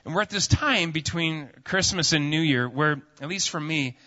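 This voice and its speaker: A man's voice: a little high, moderate pace, bright, forceful tone. A pastor in his thirties giving a sermon in a church sanctuary, telling family stories in a casual, rambling way full of fillers. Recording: muffled sound with long hall reverb.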